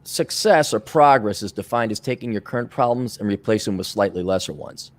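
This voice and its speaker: A man's voice: a little fast, no echo. A man telling stories in casual chat, acting out quoted dialogue and swearing now and then. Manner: animated, acts out quoted dialogue with big pitch swings.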